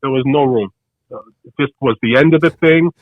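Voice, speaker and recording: Heard with no echo over narrow, tinny audio, this older man is the hosts' father, chatting casually at a medium pitch. He spins a story quickly and eagerly, voicing what everyone else said.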